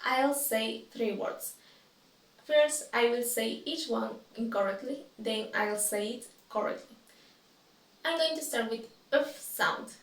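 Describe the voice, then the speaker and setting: A woman student giving a pronunciation demonstration, deliberately saying each word twice. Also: a little high. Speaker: student presenter. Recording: echoey room, distant from mic.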